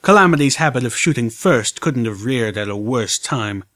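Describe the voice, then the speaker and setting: A man's voice: medium pitch, lively intonation, moderate pace, a bit bright. Man narrating a fan audiobook. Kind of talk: scripted first-person narration of a fan story.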